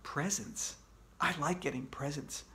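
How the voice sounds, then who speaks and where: A man, a children's author, reading his book aloud to kids with slow, expressive storytelling. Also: on the high side.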